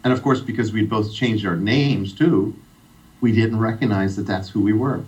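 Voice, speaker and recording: A man's voice: fairly low pitch, normal speed, darkish tone. A middle-aged man from Iran telling a heartfelt personal story as a guest on a radio interview. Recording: distant, dull radio sound.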